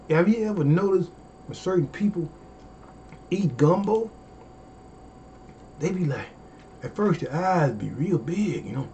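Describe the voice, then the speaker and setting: A man, hosting a comedy livestream in casual chat, animated and folksy, with drawn-out exclamations. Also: a little high, dull audio, a little hiss or hum.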